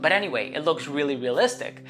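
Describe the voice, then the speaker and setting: Lady vlogger rambling through a story, low voice, guitar playing behind. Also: animated, quick pace. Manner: chatty, rambling, many fillers and restarts. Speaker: channel host. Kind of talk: casual storytelling to camera. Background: guitar music.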